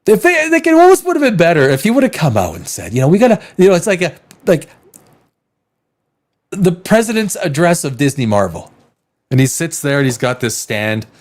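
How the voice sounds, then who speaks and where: Crude, lively male stream host. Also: on the high side, a little fast. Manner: crude, rambling, laughs often, reacts to chat. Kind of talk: live movie news stream.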